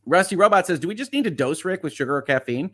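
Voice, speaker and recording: A middle-aged man hosts a casual livestream, reading viewer comments aloud and answering them. He talks fast and chats easily. His voice sits a little high for a man. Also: lively intonation, bright, forceful tone. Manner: fast-talking, chatty, reads comments aloud. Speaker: lawyer and livestream host reading viewer chat.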